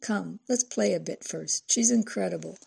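A woman narrator voicing a brisk, affectionate woman who talks quickly and warmly. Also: medium pitch, gravelly, breathy edge, full character voice. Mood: chatty.

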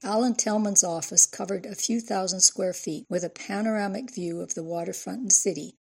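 Gravelly-voiced woman narrating a novel. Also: medium pitch, steady tone, normal speed, darkish tone. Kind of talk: audiobook narration.

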